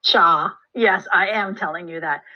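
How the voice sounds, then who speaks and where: A woman's voice: on the low side, unhurried, dull audio. A woman history teacher giving a recorded lesson, chatty and full of joking asides. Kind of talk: classroom lesson screencast.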